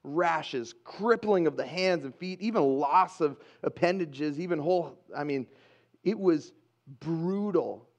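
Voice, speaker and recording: Pastor guy, kinda high voice, earnest chatty sermon, stops to let stuff sink in. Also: highs cut off. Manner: earnest, conversational preaching with pauses.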